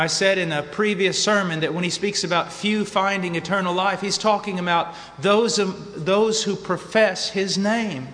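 Preacher: American man, high tenor, emphatic sermon delivery, big echoing hall. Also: fairly bright tone. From United States. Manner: emphatic, varies pace, repeats for stress. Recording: long hall reverb.

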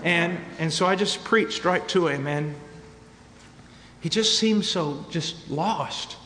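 A man preaching a sermon, telling a story and building to fervent, shouted peaks. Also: a little high, slow pace, slight background noise. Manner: impassioned, rising to shouted peaks. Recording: reverberant hall with faint ambience.

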